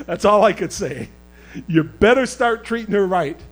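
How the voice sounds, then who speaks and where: A man preaching a sermon as pastor, swinging from loud impassioned outbursts to quiet conversational asides and teasing his congregation. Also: sits high, lively intonation, normal speed, rough recording.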